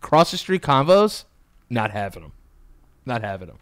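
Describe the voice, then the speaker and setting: A man co-hosting a podcast in casual, profane chat, telling stories in an animated way from an indoor studio. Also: mid-range voice. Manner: animated, profane, quick storytelling. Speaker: podcast co-host.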